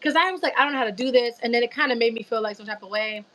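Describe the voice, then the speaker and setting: A woman hosting a live stream, chatting casually and telling animated stories full of slang and acted-out quotes. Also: a little high, racing, poor audio. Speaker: livestream host. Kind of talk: casual chat.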